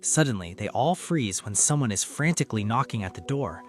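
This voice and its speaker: A man narrating a comic story recap in steady scripted storytelling. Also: fairly low pitch, brisk, faint music behind.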